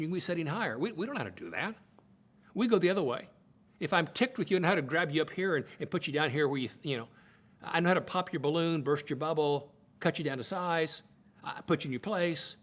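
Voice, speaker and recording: Emphatic preaching man, slightly high voice. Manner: emphatic, repeats phrases for stress, jumps to high excited pitch. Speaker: Bible teacher. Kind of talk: conversational preaching.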